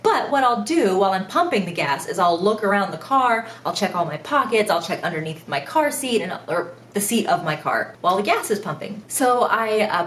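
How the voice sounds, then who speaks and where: A young woman, a mother and vlogger, telling a travel mishap story in an animated, self-mocking way with frequent laughter. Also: fairly low pitch, roomy sound, slight background noise. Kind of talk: storytime vlog.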